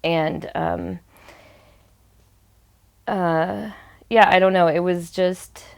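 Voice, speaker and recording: Young woman interviewee, fry in the voice, easygoing and unhurried in delivery. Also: lowish voice. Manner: relaxed and hesitant, many fillers. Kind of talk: documentary interview.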